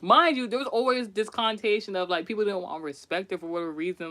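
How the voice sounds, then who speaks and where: A man's voice: high voice, sing-song, quick pace, bright, forceful tone. A man telling a story in a casual vlog, chatty and profane, laughing often and restarting his sentences. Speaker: vlogger.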